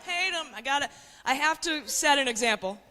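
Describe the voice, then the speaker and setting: A woman's voice: sits high, fairly quick, pushed and bright, long reverb tail. A woman in her forties performing a stand-up comedy set, brash and conspiratorial, talking straight to the crowd on a club stage with a handheld mic. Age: 40s.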